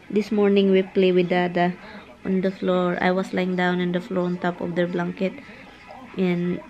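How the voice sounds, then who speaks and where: A woman's voice: medium pitch, a little mellow, muffled recording. A woman with a Filipino accent, vlogging at home and cooing baby talk to her dogs, slipping into Tagalog. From Philippines. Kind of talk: casual vlog talking to her dogs.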